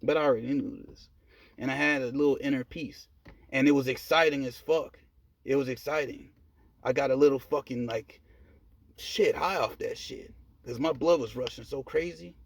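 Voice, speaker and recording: A man telling a personal story in a casual monologue, profane and animated, laughing at himself. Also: mid-range voice, moderate pace, creaky. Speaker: storyteller vlogger.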